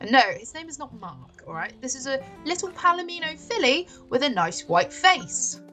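A woman's voice: high voice, big pitch swings, a little slow, fairly bright tone, faint music behind. A young British woman chatting casually and bubbly over a let's-play, giggling often. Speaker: gaming YouTuber.

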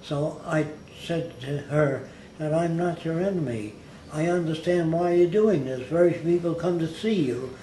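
An older man tells stories from his life bluntly and conversationally, sometimes mimicking accents when quoting other people. His voice is a little high and warm, at a moderate pace, and the recording sounds roomy with faint background hiss.

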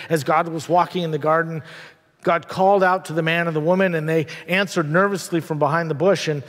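A male pastor preaches in a church, retelling the story with dramatic pauses and the odd wry aside. His voice sits a little high for a man. A long reverb hangs on each line. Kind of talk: sermon. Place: church sanctuary.

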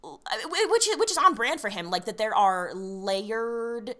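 A woman's voice: a little high, expressive, a little slow, sharp tone. A woman co-hosting a podcast, chatting casually and animatedly with many fillers and restarts. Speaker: podcast co-host. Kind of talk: casual chat.

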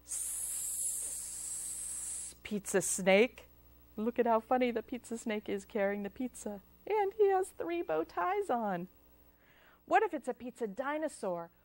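A woman's voice: a little high, sing-song, moderate pace, a little mellow. A woman reading picture books aloud to children at a library storytime, sing-song and asking them questions. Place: public library. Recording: local cable TV taping.

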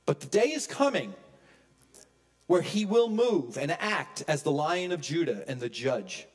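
A man preaching a sermon as pastor, emphatic, swinging from loud peaks to hushed low lines. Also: very animated, measured pace. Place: church.

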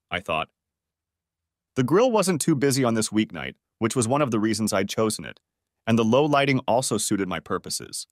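A man's voice: lowish voice, big pitch swings, normal speed, dry recording, studio quality. A man narrating a first-person story in an earnest audiobook style.

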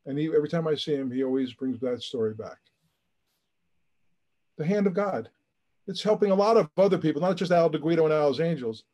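A man's voice: fairly high pitch, expressive, a little fast, pauses often, a little mellow. A middle-aged man, a charity founder telling a story as a guest, acting out the voices of the people in it with emotion. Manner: acts out quoted voices, emphatic and emotional. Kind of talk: animated storytelling.

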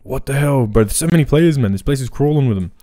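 A man's voice: medium pitch, fast, no echo. Young man, slangy gameplay commentary, dry close sound. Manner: excitable, slangy, says "bro" constantly. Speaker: gaming video creator.

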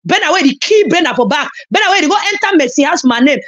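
A woman with a Nigerian Pidgin accent delivers a heated online rant, scolding and cursing in loud, emphatic bursts. Her high voice leaps and plunges all over the place. The sound is dull and lo-fi, like a phone recording. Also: animated, quick pace. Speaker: social media commentator.

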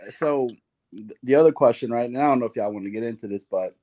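A man's voice: mid-range voice, fast, warm tone, slight background noise. A man co-hosting, asking teasing, slangy questions and telling his own family story. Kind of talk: casual chat.

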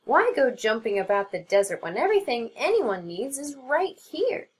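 A woman's voice: on the high side, sing-song, moderate pace, breathy edge, full character voice. A woman voicing a fat, scornful old male mouse in a storybook read-aloud, snorting and dismissive.

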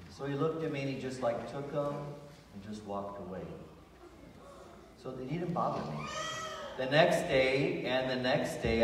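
A priest telling a childhood story at a children's Mass, acting out the quoted lines with lively changes in voice. His middle-range voice rings through a large church with a long echo. He is far from the mic, with steady room noise behind him. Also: mid-range voice. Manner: animated storytelling with acted quotes. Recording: echoey church from far off with ambience.

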